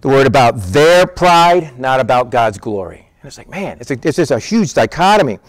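A man preaching a conversational sermon, emphatic and animated, often repeating words as he drives a point home. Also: mid-range voice, a little fast, no room sound. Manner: conversational, addresses listeners as "guys". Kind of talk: sermon, Bible teaching.

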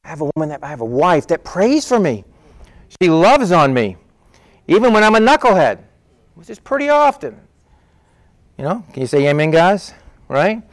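High-voiced man preaching a sermon. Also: very animated, moderate pace, pauses often, no echo. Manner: conversational preaching, acts out quoted voices. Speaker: pastor.

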